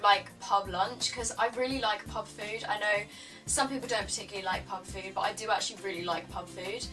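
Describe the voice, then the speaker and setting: A woman's voice: medium pitch, a bit bright, far from the mic. A young English woman chatting casually to camera as a beauty vlogger, filling her talk with "like" and "um" and poking fun at her own answers. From England. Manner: chatty, lots of "like" and "um", self-deprecating.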